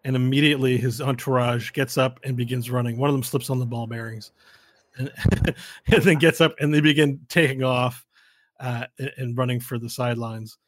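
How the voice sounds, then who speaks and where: A man's voice: medium pitch, fairly even intonation, dry recording. Man narrating a tabletop game, dry close sound. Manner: slow, dramatic storytelling. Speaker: game master.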